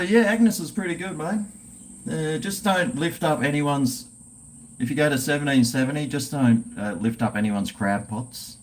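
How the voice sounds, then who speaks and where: A man's voice: medium pitch, darkish tone. A man hosting a casual livestream chat, laid-back and swearing freely while drinking. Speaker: livestream host.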